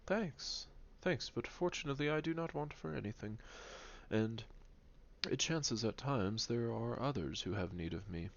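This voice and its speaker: A man voicing a grinning, fawning neighbor tailor in a read-aloud novel, loud and chummy. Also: mid-range voice, measured pace, gravelly, lo-fi sound, pitched above the performer's own voice.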